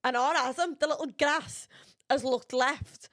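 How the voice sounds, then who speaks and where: A young woman hosting a casual chat show and teasing her mother in quick back-and-forth. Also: sits high, fairly even intonation, fairly bright tone. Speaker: podcast host.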